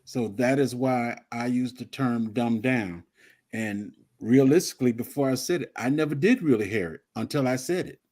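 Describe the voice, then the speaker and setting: A man in a casual live audio discussion, explaining his view in plain, measured words. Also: medium pitch, darkish tone. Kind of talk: casual chat.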